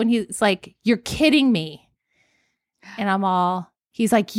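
A woman in her thirties co-hosting a podcast, telling stories in a casual, animated way and laughing often. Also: medium pitch, unhurried, no echo, clean studio sound. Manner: animated storytelling, laughs often, acts out panicked quotes. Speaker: podcast co-host. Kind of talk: casual chat.

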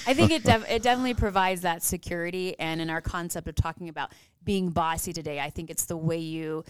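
A woman's voice: on the low side, smooth. A woman co-hosting a podcast, speaking in a casual, easygoing way. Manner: casual, quick to laugh. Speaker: podcast co-host. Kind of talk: conversational podcast talk.

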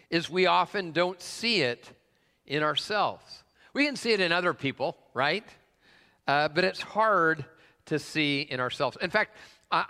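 His voice is a little high, pushed and bright, ringing with the long reverb of a large hall. The pastor shares a personal story in a conversational sermon, often pausing on "uh" and questioning the congregation.

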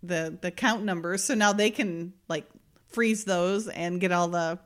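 A woman's voice: fairly low pitch, unhurried. A woman hosting a casual podcast chat, animatedly retelling TV scenes in little voices and laughing often. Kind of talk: casual chat recapping a TV episode.

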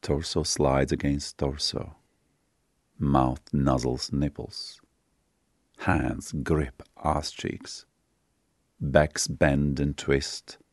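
A man narrating a sultry short story in a slow, intimate storytelling manner with dramatic pauses. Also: rumbling low, level tone, no echo, clean studio sound. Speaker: author and narrator.

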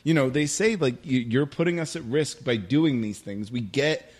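A man's voice: mid-range voice, normal speed, darkish tone, husky. A man co-hosting a casual TV recap chat, emphatic and profane, often repeating words as he restarts. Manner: emphatic, swears a lot, stumbles and repeats words. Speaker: podcast co-host.

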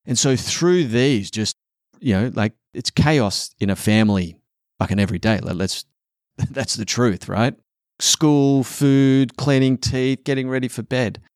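A man's voice: medium pitch, a little slow, darkish tone, no room sound, studio quality. A middle-aged man talking candidly as a father on a podcast, earnest and often swearing. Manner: earnest, swears often, acts out quotes in a raised voice. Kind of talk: candid casual podcast talk.

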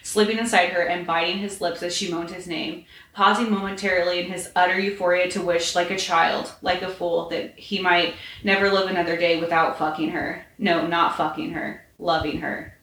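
A woman podcast host reading fan fiction aloud in a steady, plain way. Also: on the low side, normal speed. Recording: roomy echo, faint noise.

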